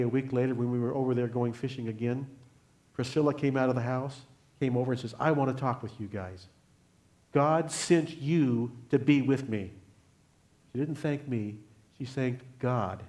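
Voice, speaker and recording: A man's voice: medium pitch, warm tone. Older man giving earnest sermon testimony. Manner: earnest storytelling with pauses. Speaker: guest speaker.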